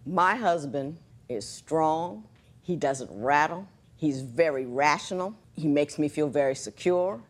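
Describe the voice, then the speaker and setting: A woman's voice: low-pitched, lively intonation, a little slow. A woman presiding as a TV court judge, lecturing in a stern, emphatic manner. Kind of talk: courtroom TV show judging.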